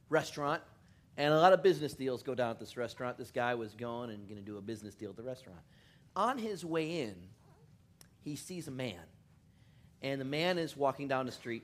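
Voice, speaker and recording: A male pastor giving a loose, joking sermon in a church, often chuckling, making fun of himself and rambling between asides. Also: medium pitch. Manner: chuckling, self-deprecating, rambling. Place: church in California.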